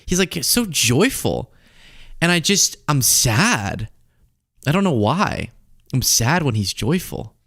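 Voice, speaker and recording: Animated sarcastic male commentator. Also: on the high side, slow. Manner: sarcastic, animated, laughs often. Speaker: political commentary host. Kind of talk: casual political commentary.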